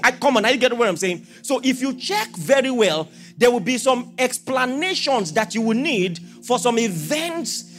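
Man, pastor, preaching, rhetorical questions, soft to shouting, lively pitch, faint music. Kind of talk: sermon.

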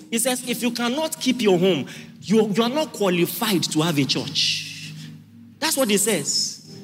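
A male pastor preaching a sermon in a church, forceful and repetitive, often asking the congregation if they are listening. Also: high voice. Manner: forceful preaching, repeats lines, asks audience if listening. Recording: hall reverb with faint music.

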